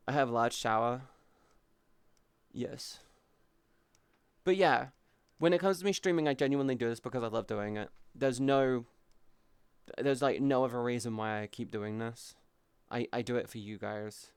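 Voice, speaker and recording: A man's voice: medium pitch, fairly even intonation, moderate pace, smooth, no echo. A man live streaming, talking openly and casually with his chat, swearing freely as he answers viewers.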